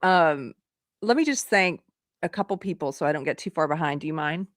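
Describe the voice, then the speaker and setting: A woman's voice: low-pitched, a little fast, no room sound, clean studio sound. Laughing woman host reading chat. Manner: laughs often, reads viewer super chats aloud. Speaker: livestream host. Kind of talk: casual live-stream chat.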